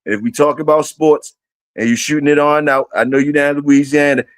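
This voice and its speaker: A man's voice: fairly high pitch, fairly even intonation, fairly quick, no echo. A man hosting a live stream, chatting loosely with viewers in a rambling, profane way and firing questions at them.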